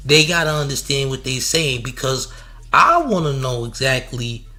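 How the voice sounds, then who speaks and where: A man's voice: mid-range voice, big pitch swings, moderate pace, bright, forceful tone. A man hosting a streamed commentary show, speaking in a mocking, trash-talking way.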